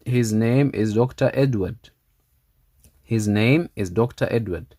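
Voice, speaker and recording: A man's voice: fairly low pitch, darkish tone, dry recording. Methodical male Arabic teacher, dry sound. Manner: reads Arabic lines slowly, repeats them, then translates. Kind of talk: explaining a textbook dialogue.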